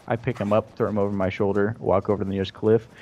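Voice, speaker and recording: A man with a fairly low voice, chatting casually while playing a game. He tells stories in an animated way and laughs often. A faint ambient hum sits behind him. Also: quick pace, highs cut off. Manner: animated storyteller, laughs a lot. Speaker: gamer and podcast co-host.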